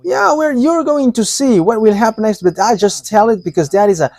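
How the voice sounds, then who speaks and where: A man preaching a live sermon, talking in short, halting, broken phrases. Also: high voice, a little mellow, dry recording.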